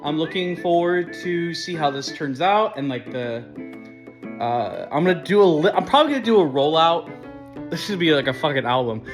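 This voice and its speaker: A young man giving a casual video diary update, excited and rambling with lots of fillers and restarts. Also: a little high, moderate pace, music in the background. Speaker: vlogger planning a party.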